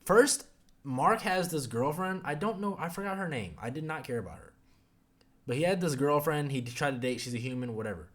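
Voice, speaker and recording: A man's voice: a little high, lively intonation, fairly quick. A young man hosting a podcast, chatting casually about a show in a rambling, profane way full of fillers. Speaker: podcast host. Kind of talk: casual review chat.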